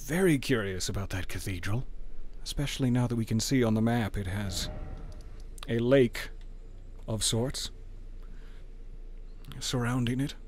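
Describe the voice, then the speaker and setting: A man's voice: medium pitch, a little slow, long pauses, slight background noise. A man giving casual, playful commentary while streaming a video game, bantering with wry jokes.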